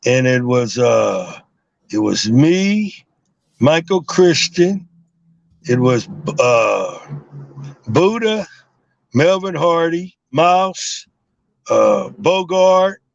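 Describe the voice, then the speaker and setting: A man's voice: fairly high pitch, big pitch swings, drawn-out words, gravelly, pauses often, dry recording. A man telling stories in a casual interview, rambling with many fillers and restarts. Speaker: guest. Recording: dull lo-fi live stream audio.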